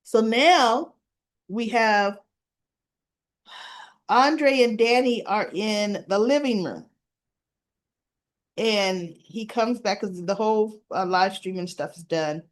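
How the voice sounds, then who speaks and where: A soap opera recap vlogger retells scenes to her viewers in a chatty, informal episode recap, quoting the dialogue. Her voice is medium-pitched and slow, with frequent pauses.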